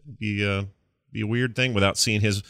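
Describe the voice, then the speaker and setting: A man's voice: fairly low pitch, steady tone, fairly quick, a bit bright, smooth, no room sound, studio quality. A man hosting a casual gaming podcast, easygoing and joking, with plenty of fillers. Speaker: podcast host.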